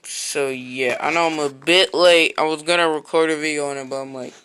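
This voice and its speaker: A man's voice: fairly high pitch, fairly even intonation, a little fast, few pauses, bright, forceful tone, a little hiss or hum, rough recording. A man streaming a block-building game, chatting casually in a rambling, slangy way that often trails off into a mutter. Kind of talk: casual live-stream chat. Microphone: own streaming mic.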